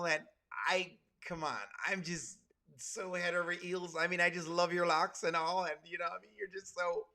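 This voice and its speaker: A man's voice: sits high, bright, forceful tone. A man voicing a gushing, condescending young white woman who says "oh my God" constantly. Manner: breathy, gushing, fillers like "oh my God".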